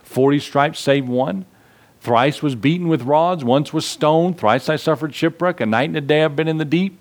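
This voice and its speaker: A man preaching a sermon, quoting old-fashioned scripture and pushing his points with rising emphasis, then dropping low and reflective. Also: moderate pace. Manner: quotes scripture in King James wording. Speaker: pastor.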